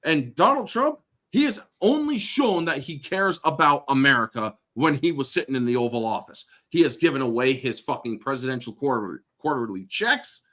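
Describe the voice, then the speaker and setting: A man's voice: medium pitch, lively intonation, moderate pace, a bit bright. A male host delivering a blunt, sarcastic political rant full of swearing.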